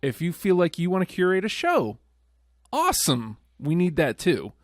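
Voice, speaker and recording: A man's voice: sits high, huge pitch swings, moderate pace, no echo, studio quality. A man co-hosting a casual radio show, upbeat and repeating points for emphasis.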